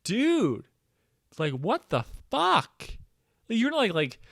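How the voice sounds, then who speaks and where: A young man hosting his own show, talking casually to camera in a rambling, profane way that swings from loud outbursts to low mumbling. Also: huge pitch swings, slow pace, vocal fry, pauses often, no room sound, studio quality. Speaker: podcast host. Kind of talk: casual solo talk to camera.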